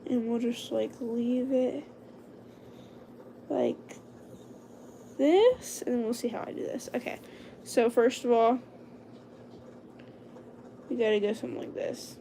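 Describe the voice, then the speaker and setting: A young woman livestreaming from home at night, casually chatting to viewers as she draws lettering and talking herself through each step, sometimes in a hushed whisper. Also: fairly high pitch, steady tone, slow, vocal fry, pauses often, a little hiss or hum. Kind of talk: casual livestream chat while drawing.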